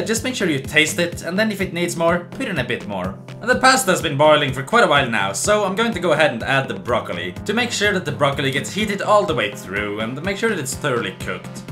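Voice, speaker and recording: A young man hosting a casual improvised cooking demo, rambling goofily between steps. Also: mid-range voice. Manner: goofy, rambling, slips into silly voices and chants. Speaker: cooking show host.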